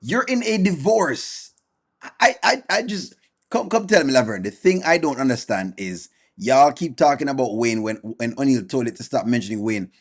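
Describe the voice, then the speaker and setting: A man's voice: medium pitch, expressive, moderate pace. A man hosting a live reaction stream, bluntly addressing viewers by name and repeating his points for emphasis. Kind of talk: casual commentary.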